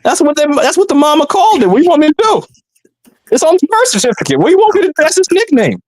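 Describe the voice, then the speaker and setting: A man co-hosting a wrestling podcast, ranting in exasperated, quick outbursts. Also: very high voice, sing-song. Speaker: podcast co-host. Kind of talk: casual podcast banter.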